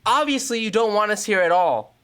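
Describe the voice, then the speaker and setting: A man's voice: sits high, lively intonation, fairly quick, a bit bright, clean tone. A man voicing a defiant young runaway kid, who keeps hurling the same accusing taunts.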